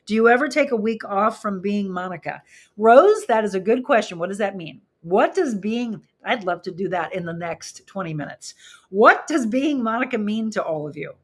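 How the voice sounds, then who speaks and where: A woman's voice: mid-range voice, lively intonation, normal speed, husky. A woman hosting a live talk show, chatting with viewers and reading their comments aloud, in front of flowers. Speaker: host. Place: studio with flowers behind her.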